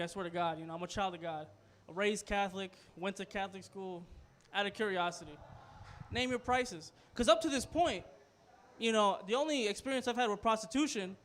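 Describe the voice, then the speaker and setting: A young man with a high voice tells a rambling stand-up story in a small comedy club. He drops to a mutter for asides, then gets loud for the punchlines. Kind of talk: stand-up set.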